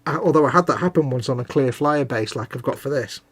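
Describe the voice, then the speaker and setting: A man's voice: medium pitch, fast talker, husky. A British man co-hosting a live model-making stream, chatting casually and teasing his co-host while he works. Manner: chatty, teasing, laughs easily.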